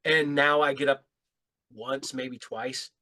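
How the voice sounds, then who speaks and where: Bright-voiced man telling a laid-back story. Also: medium pitch, steady tone, takes it slowly. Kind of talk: casual podcast chat.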